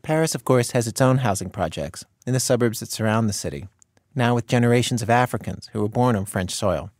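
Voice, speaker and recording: A man hosting a radio documentary, reading scripted narration and asking measured, curious questions. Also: medium pitch, animated, a little mellow, dry recording, clean studio sound. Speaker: radio host.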